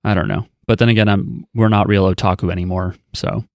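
Male podcast host, low-ish voice, dry deadpan humor, close dry mic. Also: a little fast, vocal fry, smooth, no echo. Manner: dry, joking delivery. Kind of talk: casual chat.

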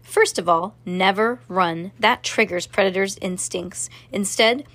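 A woman's voice: mid-range voice, measured pace, fairly bright tone. A woman doing a pompous old lion tamer. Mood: lecturing.

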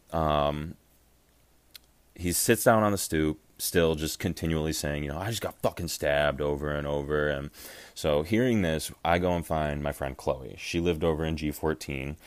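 A young man with an extremely deep, low voice tells a rowdy story on a podcast, animated and loose, full of fillers and curse words. He jumps into other people's voices as he quotes them. The sound is dry and close, with no room behind it. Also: dry recording. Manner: animated, acts out quotes, lots of fillers and swearing. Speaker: podcast co-host. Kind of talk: casual storytelling.

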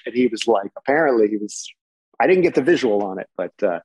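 A man in his forties, a guitarist guest, telling stories in a relaxed, chatty way with many fillers. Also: on the low side, rapid-fire, breathy edge, no echo, rough recording. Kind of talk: conversational storytelling. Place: home. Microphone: remote recording.

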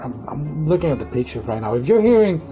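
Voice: medium pitch, sing-song, quick pace, mellow, soft background music, poor audio. A podcast co-host in casual chat, talking loosely with restarts and small grammar slips. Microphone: phone nearby on desk.

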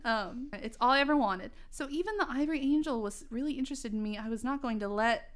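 A woman's voice: fairly high pitch, animated, quick pace, fairly bright tone. A woman in her thirties reading her old teen story aloud, breaking into laughter and self-mocking asides. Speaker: reader.

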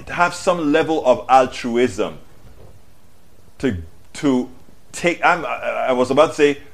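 A man hosting a live political stream, reading viewer comments and talking with emphatic repetition and frequent restarts. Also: mid-range voice. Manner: impassioned, emphatic, repeats phrases with restarts. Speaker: livestream political show host.

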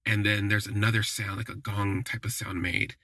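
Husky-voiced man telling a story. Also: lowish voice, flat delivery, moderate pace, pushed and bright, no room sound. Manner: chatty, lots of "like" fillers, wry. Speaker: podcast host. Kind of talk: casual first-person storytelling.

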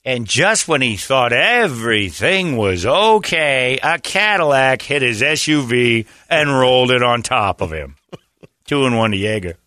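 A man's voice: mid-range voice, a little slow, no room sound, studio quality. A middle-aged man hosting a show, chatting casually and acting out the people in his stories. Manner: animated storyteller who acts out the people in his stories. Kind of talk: casual studio banter.

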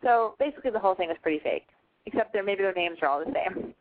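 A woman hosting a call-in show, blunt, profane and excitable in casual chat. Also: medium pitch, fast talker. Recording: tinny phone-like sound.

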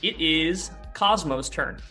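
A man's voice: a little high, slow pace, bright, forceful tone, soft background music. A man narrating a tabletop role-playing game as game master, rambling with many fillers and restarts.

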